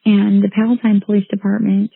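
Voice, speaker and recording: Indignant mother giving a personal account; raspy, monotone delivery over a thin phone line. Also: mid-range voice, fairly quick, no echo. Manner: earnest, indignant, with frequent restarts. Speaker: mother recounting her son's case.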